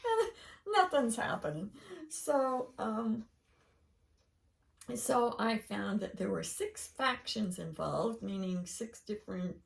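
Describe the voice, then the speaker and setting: Older lady chatting away, gravelly fry, kinda far from the mic, rambles and laughs. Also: mid-range voice, takes it slowly, slight background noise. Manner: rambling, animated storytelling with laughing asides. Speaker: podcast host. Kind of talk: casual chat.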